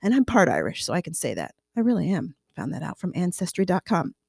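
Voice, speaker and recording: A woman's voice: lowish voice, huge pitch swings, quick pace, creaky, darkish tone, slightly rough, no room sound, clean studio sound. A woman from the United States hosting a casual solo podcast, chatty and playful, who slips into accent impressions as she talks.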